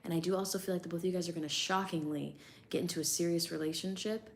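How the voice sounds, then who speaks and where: A young woman giving a chatty, animated livestream tarot reading, casual and loose with her swearing. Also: on the low side, fast, slight background noise. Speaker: tarot reader.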